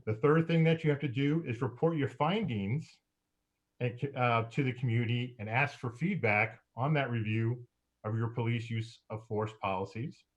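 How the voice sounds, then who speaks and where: Mayor giving a halting council report. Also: male voice, mid-range voice. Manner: halting, many fillers, occasional laughs.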